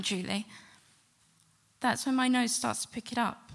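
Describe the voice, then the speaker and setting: Woman telling a lively story. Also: on the high side, unhurried, gravelly, long pauses. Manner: lively, animated retelling with acted-out quotes. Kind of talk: live storytelling to an audience. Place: stage before a live audience.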